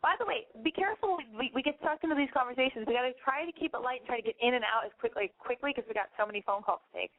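Fast-talking bubbly young woman on a lo-fi line. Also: high-pitched. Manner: bubbly, quick, swears, playful. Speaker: radio call-in co-host. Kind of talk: casual call-in chat. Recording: phone-like narrow band.

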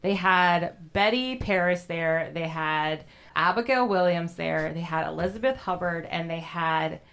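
Young woman, podcast host, casual and profane, low-ish voice, quick to laugh. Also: fairly bright tone, clean tone. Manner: chatty, profane, laughs often, acts out quotes. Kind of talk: casual true-crime history chat.

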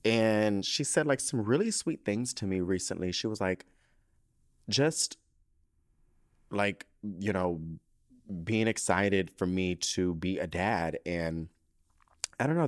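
A man with a low voice talks loosely into a podcast mic, rambling like he's on a phone call with a friend. His pitch jumps around a lot as he gets emotional, and he swears freely between his stories. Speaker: podcast host. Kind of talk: casual solo podcast chat. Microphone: podcast microphone.

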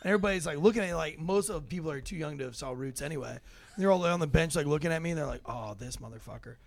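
A man's voice: on the high side, very fast, no room sound. A man casually telling a profane, laughing story to friends on a podcast, acting out the voices of the people in it.

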